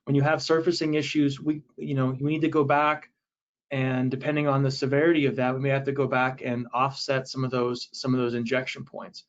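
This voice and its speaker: A man's voice: medium pitch, level tone, a little fast. Man presenting a technical webinar, lo-fi. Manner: casual, explanatory, many fillers and restarts. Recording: dull, lo-fi audio.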